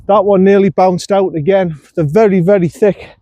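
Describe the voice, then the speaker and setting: Man, high pitch, dry close sound, outdoor golf commentary, coaching himself. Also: fairly even intonation, moderate pace, warm tone, dry recording, lo-fi sound. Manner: talks to himself and the viewer between shots, self-coaching. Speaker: golf vlogger. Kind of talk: casual on-course commentary.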